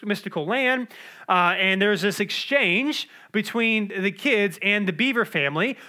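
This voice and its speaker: Bright, high-voiced young preacher. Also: male voice. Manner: conversational, with fillers and quick asides. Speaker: pastor. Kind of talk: sermon.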